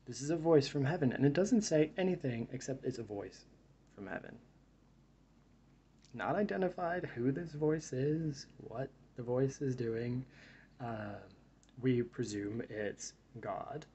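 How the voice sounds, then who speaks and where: A man's voice: medium pitch, unhurried, mellow, dull audio, slight background noise. A man giving a reflective Bible study talk, reading verses aloud and then musing on them in a thoughtful way. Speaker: Bible teacher.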